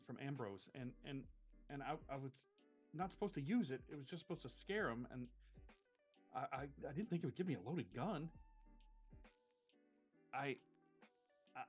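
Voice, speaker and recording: A man's voice: mid-range voice, moderate pace, long pauses, natural voice. A man voicing a frightened, apologetic teenage boy who stammers and repeats himself, close to hyperventilating, over tinny stream audio with faint music. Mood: shaky. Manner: stammering, repeating words, pleading. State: near hyperventilating.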